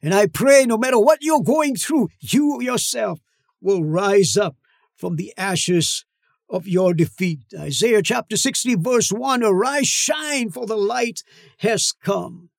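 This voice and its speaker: A middle-aged male pastor preaching a sermon, emphatic, with dramatic slow-downs and sudden shouts. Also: high voice, gravelly, dry recording, studio quality.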